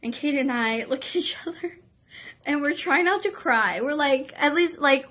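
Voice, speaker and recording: Female vlogger with a high-ish voice, excitable storytelling full of fillers. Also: slow pace, long pauses. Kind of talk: storytime vlog.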